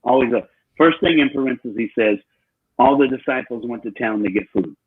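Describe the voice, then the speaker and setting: A husky man speaking as a guest preacher, driving his points home by repeating them. His voice comes through a tinny, phone-like call line. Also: mid-range voice, normal speed. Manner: emphatic, repeats phrases. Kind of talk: preaching storytelling.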